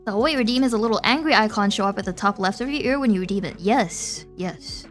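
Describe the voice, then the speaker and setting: A young woman VTuber chats casually with her viewers, giggly and talkative, often laughing between phrases. She speaks fast in a mid-range voice, with faint music behind her.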